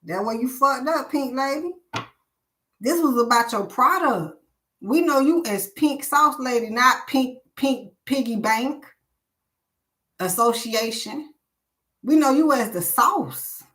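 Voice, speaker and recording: A woman's voice: high-pitched, expressive, slow, a bit bright. A woman hosting a live stream, ranting bluntly and preachily with lots of swearing.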